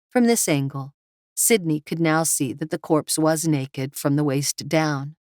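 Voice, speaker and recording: Low-voiced woman audiobook narrator. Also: a little slow, no room sound, clean studio sound. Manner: steady, dramatic storytelling. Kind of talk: scripted narration.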